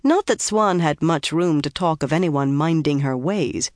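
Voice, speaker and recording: An audiobook narrator reading a fantasy novel in a measured, even way. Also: mid-range voice, dry recording, studio quality.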